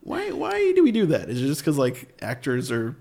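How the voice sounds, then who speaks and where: A man's voice: on the high side, wildly swooping pitch, normal speed, creaky, a little mellow. A man co-hosting a podcast, chatting casually in a playful, joking way that trails off mid-sentence. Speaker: podcast co-host. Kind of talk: casual chat. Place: Glendale, California.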